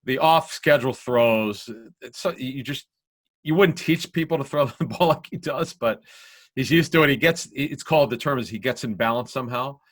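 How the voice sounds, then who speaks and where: A man's voice: medium pitch, normal speed, a bit bright. A man co-hosting a sports talk show, giving emphatic football analysis and often restarting his sentences.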